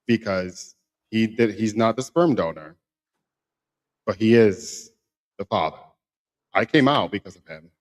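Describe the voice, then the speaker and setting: A man with a fairly low voice tells a personal story on a podcast. He is animated and emphatic, and he repeats phrases to drive his point home. The talk is casual and conversational. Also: a little slow, pauses often. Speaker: podcast co-host.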